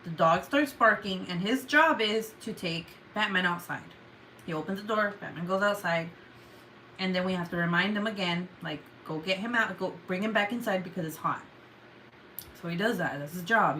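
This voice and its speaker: A woman's voice: lowish voice, a little hiss or hum. A young adult woman telling a story casually to her viewers, swearing freely and acting out her own outbursts. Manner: swears a lot, animated retelling with loud outbursts. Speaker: vlogger.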